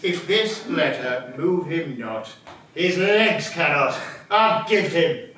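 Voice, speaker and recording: An actor playing a rowdy, boozy, scheming older knight in a live stage play, with boisterous laughing delivery. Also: male voice, on the high side, animated, slow, pushed and bright, a little hiss or hum, exaggerated voice. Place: large old timber barn. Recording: echoey barn, voice from far off.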